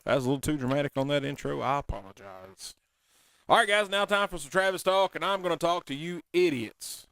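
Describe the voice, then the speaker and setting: A man's voice: a little high, expressive, fairly quick, fairly bright tone, no room sound. A man hosting a casual radio show, talking bluntly in a folksy, ranting way.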